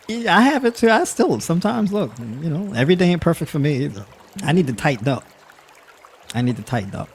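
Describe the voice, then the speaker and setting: A man's voice: on the high side, very animated, brisk, pauses often, husky. Chatty male livestream host. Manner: chatty, laughs often, heavy fillers; addresses audience with y'all. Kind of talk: casual livestream talk to the chat.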